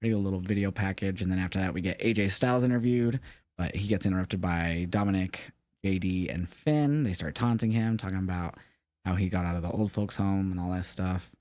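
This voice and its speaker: Young male co-host, low-pitched, dry sound; casual, rambling recap delivery that corrects itself. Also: brisk, mellow, no room sound. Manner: rambling, loose, swears casually, self-correcting. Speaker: podcast co-host. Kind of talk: casual wrestling recap chat.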